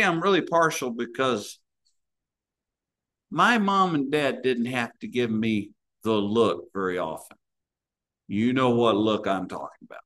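A man's voice: mid-range voice, fairly bright tone. A man preaching a sermon, telling stories and acting out the voices in them. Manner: storytelling preacher, acts out voices in anecdotes.

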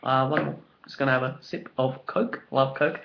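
A man's voice: mid-range voice, fairly even intonation, moderate pace, gravelly, a little hiss or hum. A young Australian man with an Australian accent, chatting casually and enthusiastically through an unboxing video, rambling with lots of fillers. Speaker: vlogger. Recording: dull lo-fi home recording.

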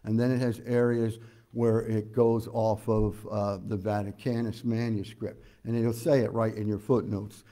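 A man preaching an expository sermon as pastor. He explains scripture verse by verse, asks the congregation questions and often pauses on "uh". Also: fairly low pitch, flat delivery, warm tone. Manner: preaches conversationally with frequent "uh" fillers.

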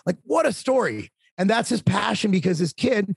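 Chatty husky-voiced man telling stories. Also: sits high, normal speed, no echo. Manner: talkative, animated, swearing. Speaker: podcast guest. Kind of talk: casual storytelling.

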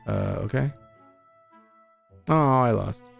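Young man, gravelly voice, casual profane game commentary, faint music behind. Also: mid-range voice, extremely slow, long pauses. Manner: chatty, profane, talks to chat. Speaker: streamer. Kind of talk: casual live gameplay commentary.

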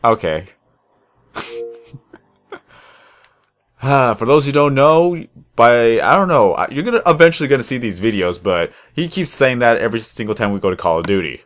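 A man's voice: mid-range voice, lively intonation, normal speed, long pauses, a bit bright. A young man hosting a gaming video, chatting casually and rambling in a laid-back way over a headset while he plays. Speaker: gaming channel host. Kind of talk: casual chat while playing a game.

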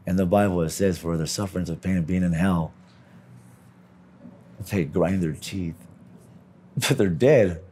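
A young man telling profane, animated stories in street slang during an interview. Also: low voice, unhurried, long pauses, a little hiss or hum. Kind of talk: casual storytelling.

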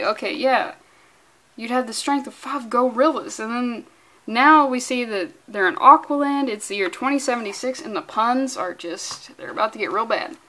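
A young woman reviewing a comic book in a casual, sarcastic, profane and rambling way. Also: high-pitched. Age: young adult.

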